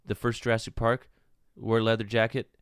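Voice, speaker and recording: A man hosting a casual live stream, rambling and excitable with frequent swearing. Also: on the low side, fairly quick, smooth, no room sound, studio quality. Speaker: streamer host.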